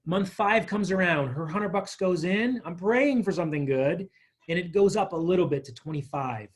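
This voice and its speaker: A man with a slightly husky, fairly high voice leads a money workshop. He talks in a lively, conversational way, walking through workbook examples and telling small stories to make each point. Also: moderate pace. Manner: energetic, chatty, tells stories with acted quotes. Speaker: financial literacy workshop presenter.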